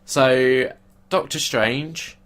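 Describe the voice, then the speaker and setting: A man's voice: mid-range voice, extremely slow, fairly bright tone. A man co-hosting a podcast, giving opinionated, casual takes on a film. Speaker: podcast co-host.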